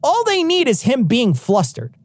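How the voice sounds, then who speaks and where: A man's voice: very high voice, wildly swooping pitch, normal speed, dry recording. Ranting, profane male podcast co-host. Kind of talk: casual podcast chat.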